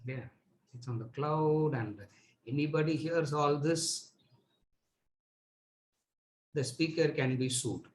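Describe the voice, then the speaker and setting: A man's voice: on the high side, slow pace, pauses often. A man teaching a spiritual lecture to a seated audience, asking rhetorical questions and repeating words for emphasis. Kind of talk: lecture on scripture. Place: lecture room with live audience. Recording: echoey room.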